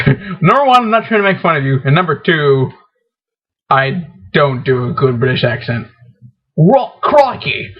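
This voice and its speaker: A man's voice: mid-range voice, normal speed, pauses often. A man talking in a rambling, hesitant opinion monologue, full of fillers and restarts. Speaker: vlogger. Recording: dull lo-fi webcam recording.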